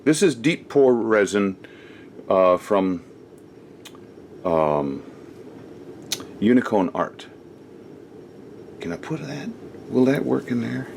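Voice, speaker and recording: A man's voice: fairly low pitch, very animated, takes it slowly, creaky, long pauses, darkish tone, slight background noise. A man hosting a casual craft how-to, chatting and rambling with many ums and uhs as he works, his distance from the camera mic shifting as he moves. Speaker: craft channel host.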